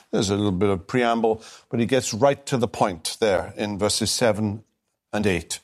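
A man giving a recorded Bible lecture, speaking deliberately and emphatically, slowing down to stress key phrases. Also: medium pitch. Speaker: Bible teacher.

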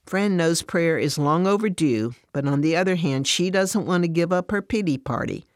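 A woman narrating a devotional story in a steady, measured way. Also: fairly low pitch, no room sound, clean studio sound.

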